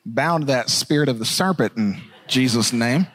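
A man preaching a sermon, telling a funny story with lively jokes, then turning quiet and earnest. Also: medium pitch, moderate pace. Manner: animated, joking, builds to shouting then drops to a hushed earnest tone. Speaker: pastor.

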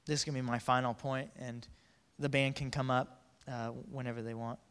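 Casual joking preacher in a big hall. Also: male voice, mid-range voice, fairly quick, smooth. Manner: energetic, joking, acts out quotes in voices. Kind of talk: casual sermon. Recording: reverberant hall.

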